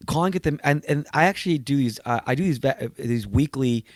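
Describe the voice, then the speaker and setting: A man's voice: mid-range voice, animated, brisk, dry recording, clean studio sound. A male comedian, a guest on a casual podcast, telling road stories in a conversational way. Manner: storytelling, acts out voices of people he met.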